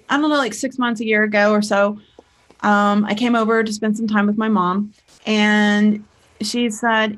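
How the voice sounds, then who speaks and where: A woman chatting casually to her viewers over a webcam, telling a family story. She talks the way people do in everyday conversation, full of "you know" and "like". Her pitch sits in the ordinary middle range. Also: fairly bright tone. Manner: chatty, storytelling with lots of fillers. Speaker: spiritual teacher and life coach. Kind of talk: casual livestream talk.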